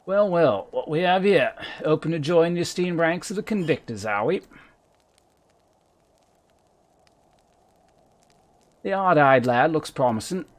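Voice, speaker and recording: A man voicing a sneering male knight recruiter, reading game dialogue aloud in an attempted rough British accent. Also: mid-range voice, lively intonation, unhurried, natural voice.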